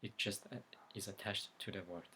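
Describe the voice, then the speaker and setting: A man's voice: lowish voice, little pitch movement, moderate pace, a little hiss or hum. A man teaching a beginner language lesson, reading letters one at a time and then explaining the rules. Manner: reads letters one by one, louder on each. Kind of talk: slow spoken language lesson.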